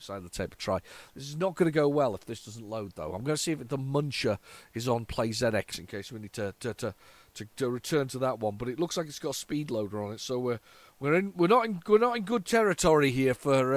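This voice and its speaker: A man's voice: medium pitch, animated, brisk, dry recording. A man from the UK hosting a retro computing video, chatting nostalgically and stumbling over repeated words and false starts as he loads an old cassette. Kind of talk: casual solo commentary.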